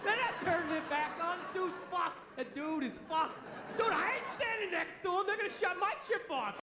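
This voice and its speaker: A man's voice: very high voice, normal speed, music in the background. A man in his forties doing a profane, ranting stand-up routine in a comedy club with a live audience. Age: 40s. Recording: echoey venue, loud crowd. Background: audience laughter.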